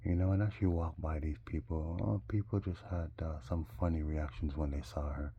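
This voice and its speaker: A man's voice: extremely low pitch, steady tone, normal speed, husky, phone-quality sound. A man from Jamaica with a Jamaican accent, rambling through a casual story and calling his viewers "people". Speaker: vlogger.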